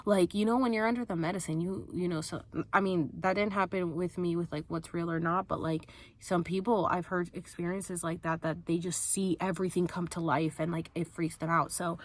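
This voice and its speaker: A woman's voice: on the low side, fairly even intonation, fairly quick, few pauses. A woman vlogger casually telling a personal story, rambling and filling it with "like". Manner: rambling, heavy use of "like", acts out quotes.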